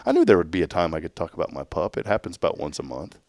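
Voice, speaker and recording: A man's voice: low voice, wildly swooping pitch, racing, darkish tone, dry recording, clean studio sound. A man co-hosting a morning talk show, joking and rambling with frequent laughs. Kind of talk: casual chat.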